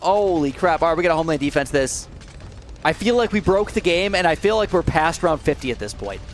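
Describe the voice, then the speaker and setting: A young man commentating his gameplay, swinging between low mutters and high, alarmed shouts. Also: lively intonation, fairly quick, faint music behind. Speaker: gaming commentator.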